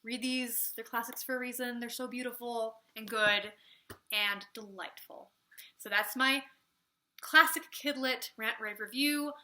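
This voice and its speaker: A woman's voice: on the high side, fairly even intonation, unhurried, pushed and bright. A young woman gushing in a chatty book review vlog, rambling through tangents with lots of "like".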